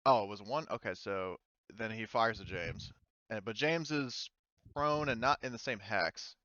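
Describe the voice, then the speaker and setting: Chatty male game master, smooth voice. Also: lowish voice, normal speed, bright, forceful tone, no echo. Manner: loose and chatty, frequent fillers and restarts. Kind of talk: running a tabletop war game. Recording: slightly dull, lo-fi mic.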